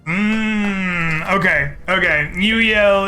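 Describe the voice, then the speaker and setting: A man running a tabletop game as game master, narrating in a relaxed, chatty way with many fillers. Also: a little high, a little slow. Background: faint background music.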